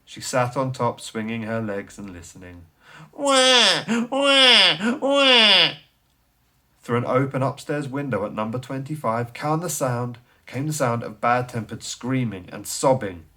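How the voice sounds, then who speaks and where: A man reading a children's story aloud, animated and theatrical, dropping to a hush and then rising to excited bursts. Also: mid-range voice, normal speed, hardly any pauses. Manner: animated, swings from hushed to loud and excited.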